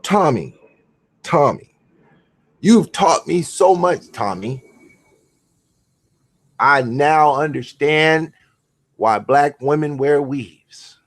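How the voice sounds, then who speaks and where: A man voicing a fawning, starstruck male fan, drawn out slowly in mock adoration. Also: a little high, expressive, pitched above the performer's own voice, exaggerated voice. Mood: gushing. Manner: slow, mocking adoration.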